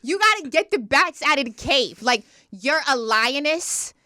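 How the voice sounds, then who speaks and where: A woman doing an impression of a bubbly, bossy reality-star mother from New Jersey, with a little rasp when her voice goes up and lots of "like" fillers. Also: high voice, expressive, unhurried, bright, forceful tone, no room sound, studio quality, full character voice. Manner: gushing, bossy pep talk with "like" fillers.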